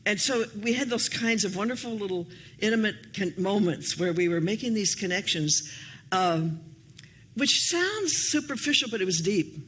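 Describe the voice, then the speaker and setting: Older woman pastor, chatty storyteller, voice swooping up and down, bright tone. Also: moderate pace, slight background noise. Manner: chatty and anecdotal, with lively shifts in pitch. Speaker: minister. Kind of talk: storytelling sermon. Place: church hall.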